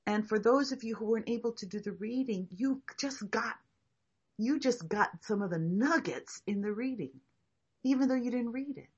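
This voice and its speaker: A woman facilitating a group discussion, reflective and encouraging, talking in halting restarts. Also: fairly high pitch, husky, dull audio.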